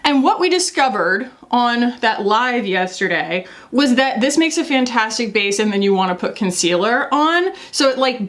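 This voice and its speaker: Chatty American woman, fairly high voice. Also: fairly bright tone. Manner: chatty, candid, frequent laughs. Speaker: beauty vlogger. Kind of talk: casual makeup review.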